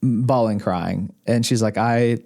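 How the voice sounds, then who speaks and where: A man's voice: on the low side, slow, creaky, dark tone. A man, a podcast guest telling rambling stories in casual conversation, often chuckling and restarting his sentences. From Arkansas, USA. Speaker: podcast guest, husband of host. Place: indoors, podcast studio room.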